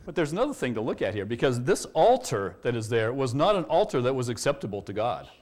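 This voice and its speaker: Working verse by verse through a Bible passage, a male pastor preaches fast in a mid-range voice. He brings real energy to the scripture quotes, performing them as he goes.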